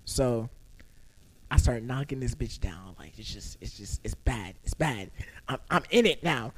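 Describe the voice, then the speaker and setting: A man's voice: mid-range voice, a little slow, slight background noise. A young man casually telling a crude, comedic personal story, swearing freely and acting out what people said in big voice swings. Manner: animated, profane, acts out quotes in big voice swings. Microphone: own recording setup.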